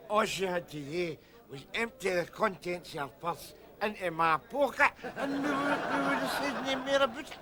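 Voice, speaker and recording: Man, Glaswegian accent, middle-aged, boozy rambling sitcom talk, high voice. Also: moderate pace, crowd noise. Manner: boozy, rambling, self-pitying. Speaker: sitcom character. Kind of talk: sitcom acting.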